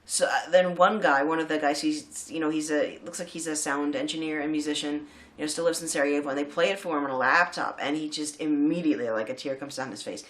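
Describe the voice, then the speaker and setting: A woman's voice: sits low, a bit bright. A woman reviewer chatting casually, retelling a documentary with lots of fillers and restarts. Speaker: video reviewer. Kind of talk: casual chat.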